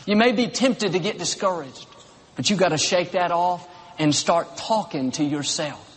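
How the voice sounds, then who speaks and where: Man pastor giving a sermon, high voice, short punchy encouraging lines, long echo from a big hall. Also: moderate pace. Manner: rhythmic, encouraging preaching in short phrases. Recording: long reverb of a large hall.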